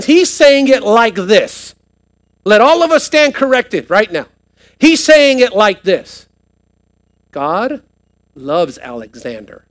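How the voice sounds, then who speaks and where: High-voiced preaching pastor. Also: male voice. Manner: preaching with rising emphasis, asking the congregation questions. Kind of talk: sermon. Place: church sanctuary, live service.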